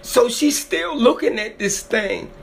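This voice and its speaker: A man's voice: very high-pitched, unhurried, fairly bright tone, a little hiss or hum. A man retelling someone's frightening encounter in an emotional, dramatic way, often repeating himself. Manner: dramatic, repetitive, voice swells when emotional. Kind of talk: emotional spoken storytelling.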